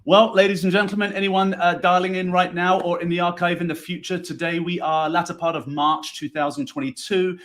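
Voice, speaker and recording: A man with a New Jersey accent hosts a live online interview. He talks in a slightly raised pitch and rambles in an effusive, enthusiastic way. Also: little pitch movement, brisk, few pauses, fairly bright tone. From United States. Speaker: host.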